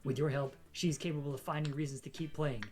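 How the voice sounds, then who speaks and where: A woman's voice: low voice, fairly even intonation, fast, over music. A woman hosting a game stream, chatting casually and reading the game's events aloud.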